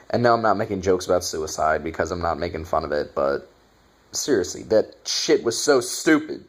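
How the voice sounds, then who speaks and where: A man reviewing a bad movie in a casual, exasperated rant, swearing and sarcastic. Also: on the low side.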